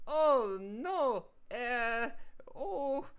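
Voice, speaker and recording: A frantic cartoon picture frame from a children's show, wailing in a high, bright voice with a wobbly put-on accent, as a man puts him on. He swoops all over his range and drags out his cries of alarm. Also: lively intonation, very slow, clean tone, full character voice. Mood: panicked. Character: panicky male picture frame, children's TV host.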